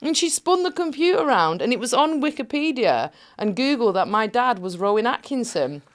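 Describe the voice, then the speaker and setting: A woman co-hosting a podcast, chatting casually and telling lively stories with frequent laughter. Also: a little high, brisk. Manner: animated storyteller, laughs often, acts out quotes. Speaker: podcast co-host. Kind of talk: casual chat.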